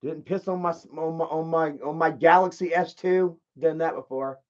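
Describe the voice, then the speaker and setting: A high-voiced man rambles through a story on his live stream, swearing freely and stumbling over restarts. His loud quoted outbursts cut through muffled, lo-fi audio. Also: fairly even intonation, normal speed. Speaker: livestreamer.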